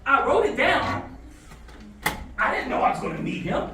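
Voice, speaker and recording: A man giving a motivational talk to students, telling stories in a lively call-and-response way. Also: very high-pitched, normal speed, noisy background. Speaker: motivational speaker. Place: school classroom. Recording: echoey room from far off.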